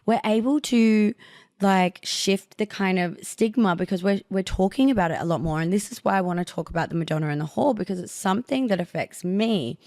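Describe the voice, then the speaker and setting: A woman's voice: medium pitch, brisk, darkish tone, no room sound, clean studio sound. A young woman hosting a podcast, talking frankly about her own life in a candid monologue, full of "like" and casual swearing. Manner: frank and blunt, heavy on fillers like "like". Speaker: podcast host.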